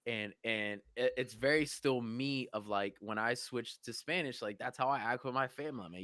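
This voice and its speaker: A young man from Honduras co-hosting a podcast, talking in a casual, animated way with lots of swearing and restarts. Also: medium pitch, moderate pace, clean tone, no room sound, clean studio sound. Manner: animated, swearing, repeats himself. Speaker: podcast co-host. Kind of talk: casual chat.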